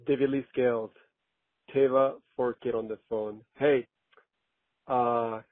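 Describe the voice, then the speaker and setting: A man from Tahiti leaves a message on a tinny phone line. He talks slowly and deliberately, repeating a word with care. The sound is dry and close. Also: mid-range voice, fairly even intonation, no echo. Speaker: caller. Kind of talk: phone voicemail.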